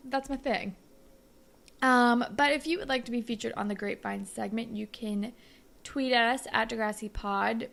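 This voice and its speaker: A young woman co-hosts a podcast, chatting casually and rambling through an improvised story packed with fillers. Her voice is slightly high and gravelly, with a fairly bright tone.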